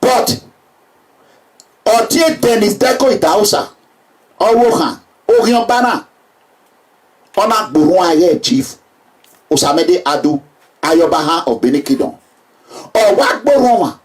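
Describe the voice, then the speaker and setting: A Nigerian man giving an emphatic public address, repeating himself and breaking into shouts. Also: high voice, animated, measured pace, pauses often, recorded from a distance. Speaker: political speaker.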